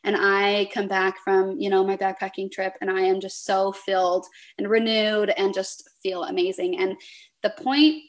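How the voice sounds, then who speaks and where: A woman chatting on a podcast, her voice sitting at an ordinary middle pitch. She tells stories with animation, slipping into the voices of both people in an imagined exchange. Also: moderate pace. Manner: animated storytelling, acts out both sides of dialogue. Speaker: podcast guest. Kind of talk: casual conversation.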